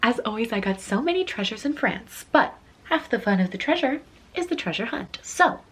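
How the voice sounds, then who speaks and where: A woman hosting her own shopping vlog, gushing with excitement as she films on her phone at an outdoor flea market, sometimes dropping to a whisper. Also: a little high, normal speed, breathy edge. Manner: gushing, animated, drops into soft whispers. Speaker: vlogger host. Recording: phone audio with loud crowd.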